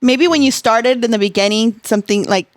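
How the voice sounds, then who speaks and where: A woman's voice: a little high, a little fast, background noise. A woman co-hosting a podcast, asking questions and affirming in casual chat. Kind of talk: interviewing.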